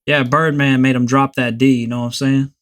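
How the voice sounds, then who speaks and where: A man's voice: mid-range voice, flat delivery, fairly quick, clear, resonant tone. Laid-back man. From New Orleans. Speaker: podcast guest. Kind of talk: casual comedic chat.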